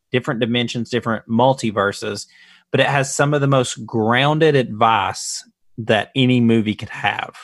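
A man shares his thoughts on a film in an earnest, measured way, as one of the hosts of a casual podcast. His voice sits at an ordinary pitch and sounds dry and close to the mic. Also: fairly bright tone, no echo. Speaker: podcast co-host. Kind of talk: casual film review chat.

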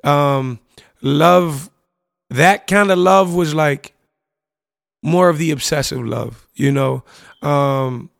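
A young man talking through memories of an old relationship, loose and candid, dropping slang and the odd curse. His voice sits a touch high for a man and has a gravelly, fried edge. It is recorded close and dry, with no room sound. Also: no room sound. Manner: casual, candid storytelling with slang, profanity and frequent "you know what I'm saying". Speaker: podcast host. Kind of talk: reflective personal monologue.

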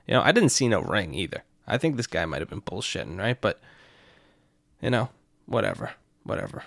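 A young man telling a night-out story in a profane, excitable way, constantly checking in with his listener. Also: on the low side, a little fast, creaky, dry recording, studio quality. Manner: profane, excitable, keeps asking "right?". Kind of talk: casual anecdote.

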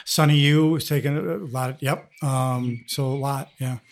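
A man's voice: mid-range voice, steady tone, moderate pace, creaky. A man guesting on a podcast as a coach, easygoing and explanatory. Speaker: disc golf coach, guest. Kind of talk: podcast interview.

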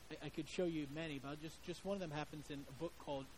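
A man's voice: fairly high pitch, steady tone, fast, hardly any pauses, a little hiss or hum, poor audio. A male preacher giving a sermon in a conversational storytelling way, with frequent restarts.

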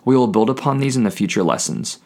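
A man with a fairly low voice leads a scripted language lesson. He speaks clearly and patiently, saying each phrase twice and slowing down to spell words out. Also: animated, darkish tone. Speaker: Spanish language teacher.

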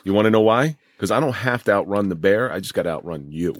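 A man's voice: fairly low pitch, animated, quick pace. A man co-hosting a podcast, chatting casually and trading self-mocking jokes. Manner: joking, self-mocking banter. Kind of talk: casual chat.

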